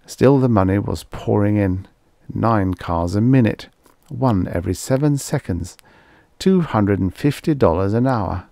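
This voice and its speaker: Low-voiced man reading a story. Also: expressive, measured pace, gravelly, mellow, dry recording, studio quality. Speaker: audiobook narrator. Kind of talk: scripted narration.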